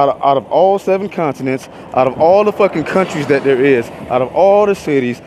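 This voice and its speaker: A man's voice: medium pitch, a little mellow, a little hiss or hum, poor audio. A young man hosting a podcast, delivering a heated, profane, repetitive rant. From Florida, USA. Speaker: podcast host.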